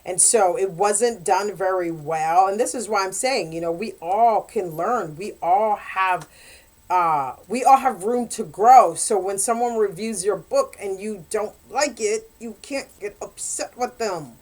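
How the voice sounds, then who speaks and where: A woman and romance author chatting casually in a book review, animated and quick to laugh. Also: mid-range voice.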